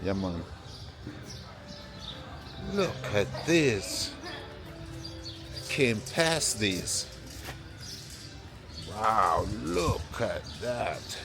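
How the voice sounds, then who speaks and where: A man, vlogging casually while walking through an open-air plant nursery with a handheld phone, relaxed and repeating "yeah, man" often. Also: fairly low pitch, drawn-out words, long pauses, music in the background. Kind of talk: casual walking vlog to camera.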